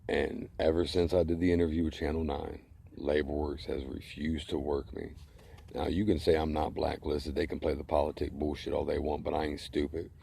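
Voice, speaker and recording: A man's voice: very deep voice, level tone, normal speed, gravelly, warm tone, husky. A middle-aged man ranting to camera in a blunt, heated, profane way. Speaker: vlogger. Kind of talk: angry casual rant to camera.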